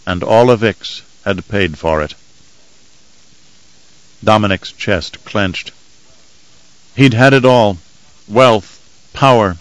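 A man reading an audiobook in measured, even scripted narration. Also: on the low side, dry recording, low-quality recording.

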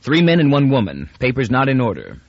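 A man's voice: mid-range voice, wildly swooping pitch, fairly quick, no room sound, dull audio. A male narrator voicing a brusque, bureaucratic male inspector who fires off clipped questions in an audiobook. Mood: curt. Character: curt officious male border inspector, brusque.

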